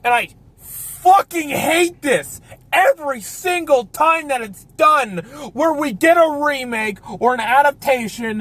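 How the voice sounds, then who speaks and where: A man's voice: very high voice, a bit bright, dry recording. A man hosting a casual film review chat, ranting and swearing a lot. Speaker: host.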